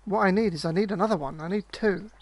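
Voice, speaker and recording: A streamer talks through a puzzle game in a mid-pitched, casual voice. The commentary is hesitant and rambling, full of restarts. They sound sleepy, yawning now and then. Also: quick pace. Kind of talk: casual let's-play commentary.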